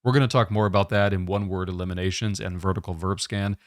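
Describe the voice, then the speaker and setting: A man giving a test-prep lesson, explaining question types in a steady, methodical way. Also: deep voice, quick pace, no room sound, studio quality.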